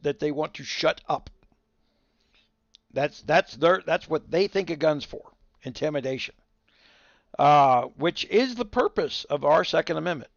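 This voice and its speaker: Gravelly blunt man on a livestream. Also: on the high side, dry recording. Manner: blunt, opinionated ranting. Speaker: livestream host. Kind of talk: casual livestream chat answering viewers. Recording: dull lo-fi dry sound.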